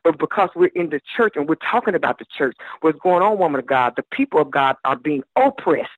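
A man's voice: fairly high pitch, animated, brisk, slightly rough, no echo. A man calling in as a guest minister on a radio show, preaching with fervent cadence and calling listeners "baby". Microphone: telephone. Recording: tinny phone line.

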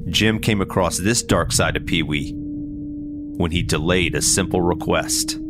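A man narrating a scripted documentary in a measured, even delivery. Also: low voice. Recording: narration over guitar music. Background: guitar music.

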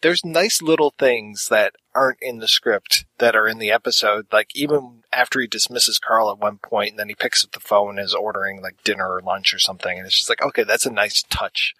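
A man co-hosting a podcast, chatting in a relaxed way about details he enjoyed. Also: lowish voice, fairly quick, few pauses, no echo, poor audio. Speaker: podcast co-host. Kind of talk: casual podcast discussion.

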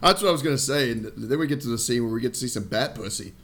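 Animated man mocking a movie. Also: medium pitch, very fast. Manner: animated storyteller, mocking quotes. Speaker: podcast co-host. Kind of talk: casual movie-review chat.

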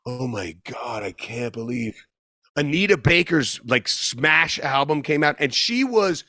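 A man's voice: medium pitch, very animated, measured pace, pushed and bright, no echo. Rambling male storyteller, dry close sound. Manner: rambling, self-correcting, laughs mid-story. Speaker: guest musician. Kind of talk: casual storytelling.

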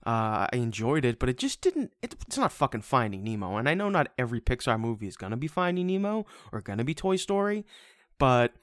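A man's voice: mid-range voice, sing-song, fairly quick, a bit bright, dry recording. A man in casual podcast chat reviewing a movie, rambling and stammering with frequent swearing. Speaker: podcast co-host.

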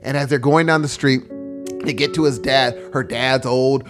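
A man co-hosting a comedy podcast, rambling through an improvised story and acting out its characters in quick voices. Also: medium pitch, steady tone, over music.

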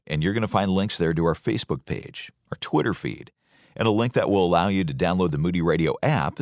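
A man's voice: deep voice, no echo, studio quality. A man hosting a radio program, reading a scripted announcement. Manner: smooth scripted announcer delivery.

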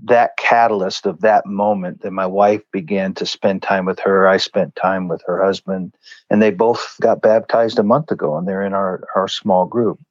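A man's voice: deep voice, fairly even intonation, normal speed, dry recording, dull audio. A man speaking as a guest in an earnest, conversational way, telling stories and acting out what others said. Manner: earnest, conversational, acts out quoted lines. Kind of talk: storytelling in a faith interview.

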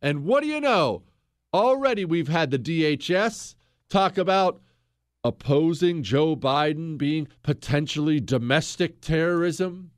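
A man's voice: fairly high pitch, lively intonation, unhurried, no room sound, studio quality. A man hosting a political talk radio show, delivering a combative, sarcastic monologue and raising his voice to make a point. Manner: combative, sarcastic, shouts for emphasis.

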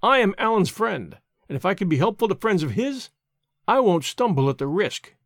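A sensible young lowland man, voiced by a male reader, speaks bluntly and plainly in a storybook reading. The voice is high and animated. The sound is close and dry. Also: moderate pace, dry recording, full character voice.

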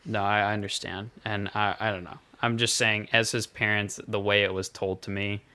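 Co-host, man, deep-ish voice, blunt and talkative. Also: level tone, moderate pace, pushed and bright, clean tone. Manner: blunt, reactive, talks things through. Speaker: podcast co-host. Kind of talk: casual chat.

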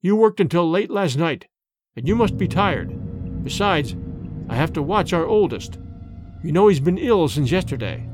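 An anxious wife speaks low and worriedly, acted by a man telling a storybook tale. Her voice rises and falls freely. Faint music plays behind. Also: sing-song, normal speed. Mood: pleading.

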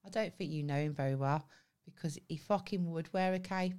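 A woman's voice: low voice, fairly quick, darkish tone, clear, resonant tone. A woman with a Scouse accent co-hosting a casual podcast chat, chatty and teasing with some swearing. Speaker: podcast co-host.

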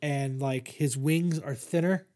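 A man's voice: on the high side, takes it slowly, a little mellow. A young man in casual chat, hosting a podcast and retelling a comic issue in a rambling, profane way full of fillers. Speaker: podcast host reviewing comics.

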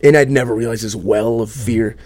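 Fast-talking man telling a candid story. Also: mid-range voice, dry recording. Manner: animated, self-deprecating, quick asides. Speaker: musician guest.

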